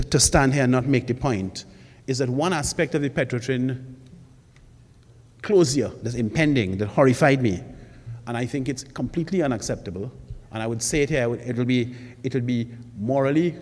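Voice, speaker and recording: A man's voice: medium pitch, a little mellow. A man speaking as a forum panelist, emphatic and rhetorical, stressing points by repeating them. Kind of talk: public forum speech. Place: college forum hall. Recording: long hall reverb.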